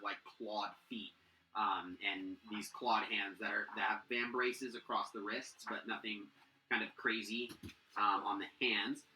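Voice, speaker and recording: A man's voice: lowish voice, bright, forceful tone, roomy sound, low-quality recording. A man narrating a tabletop game as game master, rambling with many fillers and restarts.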